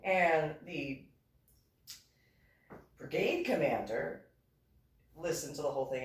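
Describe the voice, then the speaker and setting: A woman reverend telling funny personal stories in an animated way, laughing and making sound-effect voices. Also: low-pitched, takes it slowly, pauses often. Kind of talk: comedic personal storytelling. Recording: roomy room, distant mic.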